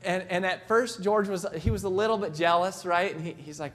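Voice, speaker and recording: Male keynote speaker, a touch high-pitched, joking storyteller at a convention mic. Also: a little fast, a bit bright. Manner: storytelling, jokey, acts out voices. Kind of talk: live motivational talk.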